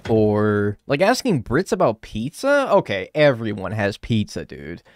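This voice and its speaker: Young American male gaming streamer; bouncy, expressive delivery, casual swearing, cheeky banter. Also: fairly low pitch, a little slow, faint music behind. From United States. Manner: animated, swears casually, playful banter and mock arguing. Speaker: game streamer. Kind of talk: casual chat while gaming, answering chat.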